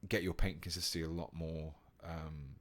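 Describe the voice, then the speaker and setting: With a rumbling low voice at a moderate pace, a British man hosts a casual live-stream painting tutorial. He chats easily with his audience and reads out what viewers comment.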